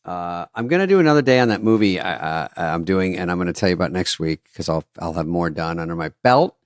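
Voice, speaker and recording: A man's voice: sits low, expressive, quick pace, no echo. A man co-hosting a podcast in casual chat, telling stories in a dry, offhand way and mimicking the people in them. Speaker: podcast co-host.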